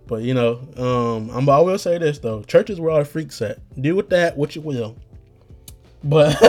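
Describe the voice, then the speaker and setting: Hoarse young man rambling on a podcast. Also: on the high side, darkish tone. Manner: slangy, profane, rambling with restarts. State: getting hoarse. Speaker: podcast host. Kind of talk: rambling casual monologue.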